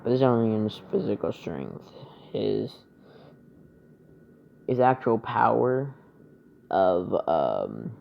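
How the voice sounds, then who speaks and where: Man, casual story retelling, rambling and halting, gravelly, lively pitch, dull lo-fi sound. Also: a little hiss or hum. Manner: rambling, halting, searches for words. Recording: dull lo-fi recording.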